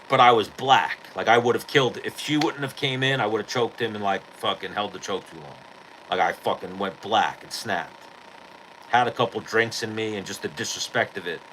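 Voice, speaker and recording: A man with a fairly low voice tells stories on his podcast in loose, profanity-laden chat. He acts out what people said as he goes. There is a faint hiss of noise behind him. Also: rough recording. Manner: profane, animated storytelling with acted-out quotes. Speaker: podcast host. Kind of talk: casual storytelling chat.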